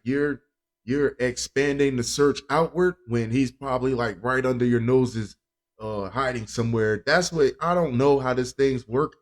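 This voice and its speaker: A man's voice: medium pitch, a little mellow. Rambling, chuckling male podcast host. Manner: rambling, chuckling, loose and joking. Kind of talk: casual chat.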